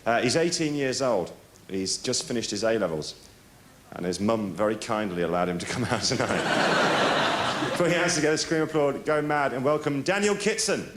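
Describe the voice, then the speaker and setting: A man's voice: mid-range voice, lively intonation, normal speed, heavy background noise. A man hosting a stand-up night, introducing acts with jokey banter. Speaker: compere. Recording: echoey stage, loud crowd.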